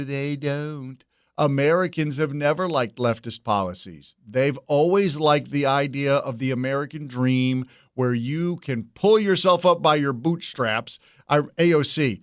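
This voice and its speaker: A man's voice: mid-range voice, clear, resonant tone, dry recording, clean studio sound. A man hosting political commentary in a mocking, sarcastic, conversational way.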